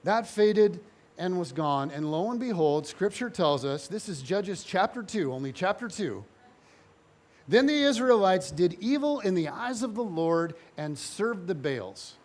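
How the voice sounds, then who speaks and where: Male pastor, higher-pitched voice, animated storyteller preaching to a congregation. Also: a little slow. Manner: animated storytelling, voicing biblical figures in dialogue. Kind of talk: sermon.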